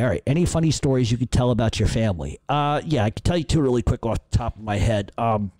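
Middle-aged male podcast host, low and mellow, dry close sound, profane and rambling. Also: dry recording. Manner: profane, rambling, laughs at own stories. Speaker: podcast host answering listener questions. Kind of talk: casual storytelling Q&A.

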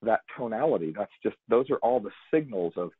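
A man's voice: on the low side, animated, brisk, slightly rough, no echo. A man guest on a podcast, explaining sales talk and acting out example lines, heard over a tinny, dry line. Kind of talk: podcast conversation.

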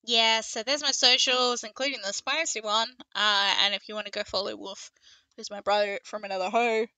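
A woman's voice: fairly high pitch, fairly even intonation, normal speed, sharp tone, dry recording, poor audio. A young woman live-streaming a horror game, chatting to her viewers, swearing freely and shrieking at scares. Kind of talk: casual live-stream commentary.

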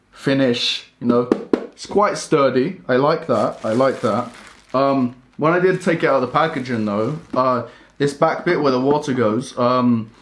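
A young man rambling excitedly while unboxing a coffee machine in a casual vlog. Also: medium pitch. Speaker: coffee vlogger.

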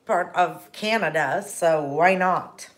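Slow, low-voiced woman hosting a cooking stream. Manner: gentle, chatty, laughs often. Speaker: cooking show host. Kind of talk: casual cooking chat with viewers.

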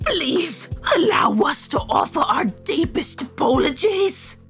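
A woman's voice: extremely high pitch, sing-song, takes it slowly, fairly bright tone, soft background music, voice pushed up, exaggerated voice. A woman voicing a stern old male duke in a put-on mock British accent that drifts toward Scottish and Irish, haughty and stiffly formal. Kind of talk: live manga reading with voices.

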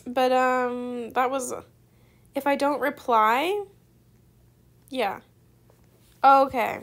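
Young female student gamer, gushing and excitable; high-pitched with a gravelly fry. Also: extremely slow. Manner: gushing, effusively grateful, giggly. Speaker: gaming video creator. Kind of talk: excited gameplay commentary.

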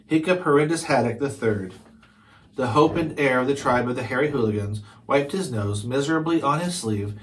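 A man's voice: mid-range voice, moderate pace, slight background noise. Man reading a storybook aloud. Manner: casual asides to listeners, occasional stumbles. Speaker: storybook reader. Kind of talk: reading a chapter book aloud.

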